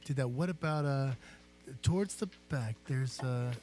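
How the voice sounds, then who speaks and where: A man's voice: medium pitch, unhurried, a little mellow. A man, a guest musician, chatting casually in a music studio, easygoing and rambling, with fillers and restarts. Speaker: guest musician, guitarist and singer.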